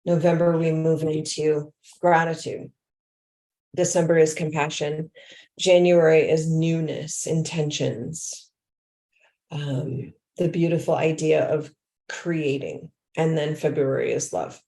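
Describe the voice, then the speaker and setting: A woman's voice: sits low, fairly even intonation, slow pace, echoey room. A woman who teaches adaptive yoga, talking casually to other teachers and acting out how she speaks with her students. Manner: warm, acts out her talks with students, drops to a whisper. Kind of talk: casual talk to fellow teachers.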